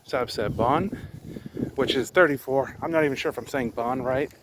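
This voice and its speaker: A man in his thirties, working through language lessons outdoors in a green rural spot, talking casually with halting, self-correcting phrasing and frequent sighs. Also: mid-range voice. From United States. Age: 30s. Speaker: vlogger learning a language. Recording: outdoor recording with clear ambient noise.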